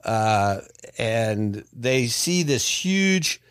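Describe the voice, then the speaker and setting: A man telling a story in a casual podcast, his pitch rising and falling a lot. His voice sits close and dry, with many fillers and restarts. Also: sing-song, extremely slow, a bit bright, clear, resonant tone, no room sound. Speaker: podcast host. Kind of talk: casual chat.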